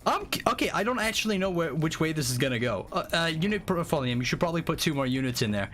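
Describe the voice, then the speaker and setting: Casting note: male game streamer, rambling and profane, slightly high voice with wild pitch swings, faint background music. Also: sing-song, fast talker, a bit bright. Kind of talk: casual live-stream chat.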